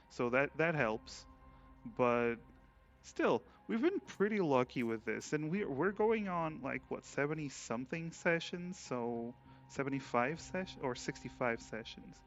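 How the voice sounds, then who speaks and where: Slow-talking relaxed male game master. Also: medium pitch, dull audio. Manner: relaxed, rambling, laughs often. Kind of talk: casual chat before a tabletop game stream.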